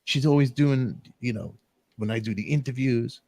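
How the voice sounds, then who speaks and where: A man hosting a talk show, telling an emotional story in a rambling, animated way with sudden jumps in pitch. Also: moderate pace, no echo. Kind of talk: emotional casual monologue.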